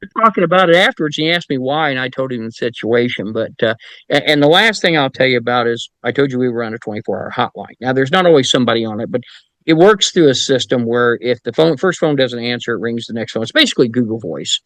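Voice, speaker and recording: A man's voice: mid-range voice, expressive, fast talker, fairly bright tone, no room sound, rough recording. A middle-aged man with a mid-range voice tells his stories casually and wryly, now and then dropping a mild curse. The recording is close and dry, with no room sound. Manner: wry anecdotes with mild profanity. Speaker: paranormal investigator, podcast guest. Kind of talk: casual storytelling.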